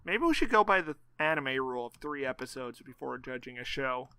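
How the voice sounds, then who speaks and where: A man's voice: medium pitch, sing-song, a little fast, bright, forceful tone, smooth, no room sound. A man co-hosting a podcast in casual chat, joking and acting out silly bits. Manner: jokey, plays silly bits. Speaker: podcast co-host.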